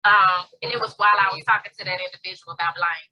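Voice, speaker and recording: A woman's voice: medium pitch, fairly even intonation, fast talker, dull audio. A woman co-hosting a tarot review, chatting casually at home, laughing often and swearing offhand. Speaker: tarot reader co-host. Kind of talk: casual chat. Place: home near an airport.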